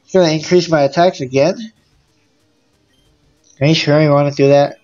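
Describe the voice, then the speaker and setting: A gaming YouTuber giving casual let's-play commentary, excitable and full of exclamations and groans. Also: mid-range voice, normal speed, lo-fi sound, soft background music.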